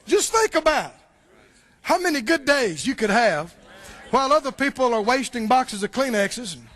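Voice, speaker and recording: A male pastor preaching a sermon, animated and full of rhetorical questions. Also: very high voice, moderate pace.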